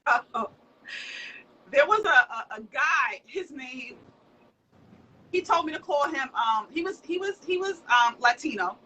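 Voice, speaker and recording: Bright, joking woman host. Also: sits high, animated, unhurried, long pauses, a little hiss or hum, poor audio. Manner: frank, joking, laughs often. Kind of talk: casual chat.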